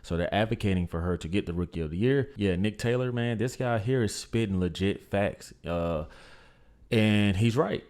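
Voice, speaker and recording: A man's voice: fairly low pitch, normal speed, a little mellow. A man hosting a reaction channel, giving opinionated, emphatic commentary to his viewers.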